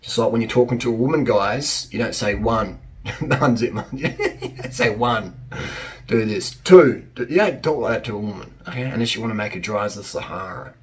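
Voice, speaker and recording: A man's voice: on the low side, quick pace, few pauses. A middle-aged man giving blunt dating advice in a casual monologue, joking and repeating his points.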